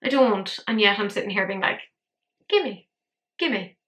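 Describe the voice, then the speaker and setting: A woman talks through makeup releases in a bright, sharp voice, ranting and swearing with self-mocking exasperation. Her voice rings in a roomy, echoey space. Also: medium pitch, fast talker. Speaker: makeup commentary host. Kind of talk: casual ranting commentary. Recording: echoey room.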